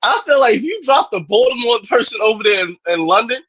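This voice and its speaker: A man co-hosting a podcast in casual chat, animated and laughing, slipping into impressions as he talks. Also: very high voice, quick pace, breathy edge, rough recording. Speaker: podcast co-host.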